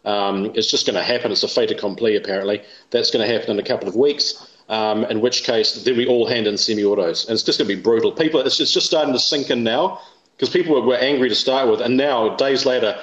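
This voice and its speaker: A man, speaking as an interview guest in animated, opinionated talk. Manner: rapid and animated, mimics others in high voices. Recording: roomy, dull lo-fi sound.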